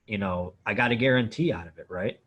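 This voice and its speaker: A comedian from Buffalo, New York, guesting at a Q&A, who tells a story in a casual, animated way, swearing often and saying "like" a lot. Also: male voice, on the low side, brisk, breathy edge, lo-fi sound.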